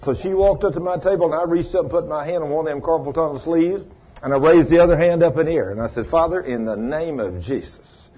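A man preaching, telling a testimony story in a folksy, animated way and acting out the voices he quotes. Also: on the high side, quick pace, slightly rough. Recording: dull lo-fi sermon recording.

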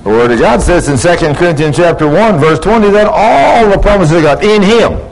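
A male preacher delivers a sermon to his congregation in church, acting out the dialogue in his stories with rising emphasis. His voice is high, expressive and creaky, and he speaks fairly quickly. The recording is rough.

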